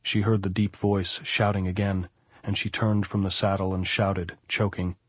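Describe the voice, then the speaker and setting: A man narrating a novel as an audiobook in an even, measured way. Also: deep voice, no room sound. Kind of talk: scripted narration.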